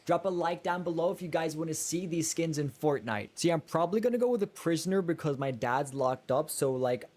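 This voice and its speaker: A man's voice: on the high side, brisk. A man voicing a goofy, hyped young gamer in an old joke video, with a put-on accent and absurd jokes. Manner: excited, hype-driven, absurd deadpan jokes. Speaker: video creator.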